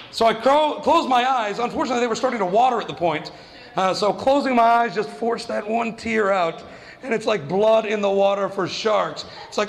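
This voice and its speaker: A man doing stand-up comedy, telling a story fast and animatedly and acting out the voices of the people in it. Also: high voice, fairly bright tone, big-room sound, slight background noise. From New Mexico.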